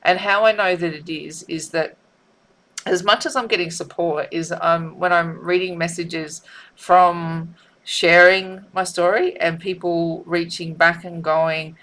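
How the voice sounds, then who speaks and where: A woman, a tarot reader talking in a heartfelt, tearful way, often halting and repeating herself. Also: on the low side, fairly even intonation, a bit bright. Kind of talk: emotional spiritual vlog.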